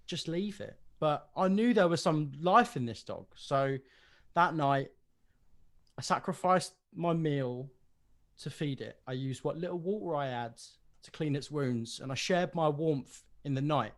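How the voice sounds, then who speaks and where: A man's voice: fairly high pitch, unhurried. Man playing an earnest young devotee. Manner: earnest, eager storytelling.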